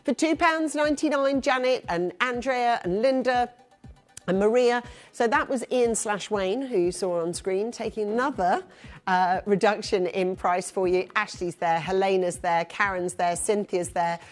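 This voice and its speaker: A woman's voice: mid-range voice, normal speed, soft background music. A woman presenting a live shopping channel, chatty and upbeat, rattling off prices and buyers' names. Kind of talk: live TV selling.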